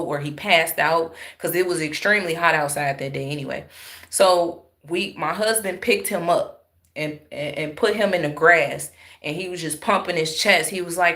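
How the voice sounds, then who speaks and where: A woman's voice: lowish voice, a bit bright. A married woman telling viewers an upsetting story in an emphatic, emotional way, speaking straight to her audience. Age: adult, married. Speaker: vlogger.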